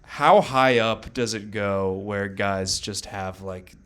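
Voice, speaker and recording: A man with a fairly low voice co-hosts a comedy podcast in loose, casual banter. He laughs a lot and riffs freely, tossing in goofy bits as the jokes build. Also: slow pace, fairly bright tone, clean tone. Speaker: podcast co-host.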